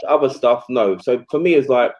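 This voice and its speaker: A man's voice: medium pitch, a little fast, dull audio, a little hiss or hum. A man, a former footballer, telling stories in casual chat and acting out what people said, with lots of fillers. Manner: animated, acts out quotes, many fillers.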